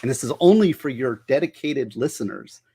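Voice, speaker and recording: A man's voice: medium pitch, expressive, fairly quick, warm tone, breathy edge. A man who works as a public defender, talking in a chatty, opinionated and joking way as a livestream guest. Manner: talkative, opinionated, jokey. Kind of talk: casual livestream chat.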